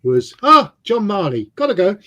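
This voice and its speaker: A man with a fairly high, lively voice, cutting in on a stream call with teasing one-liners and playful corrections. He sounds close and dry. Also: normal speed, dry recording, lo-fi sound. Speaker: co-host of a modelling live stream. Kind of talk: joking live-stream chat.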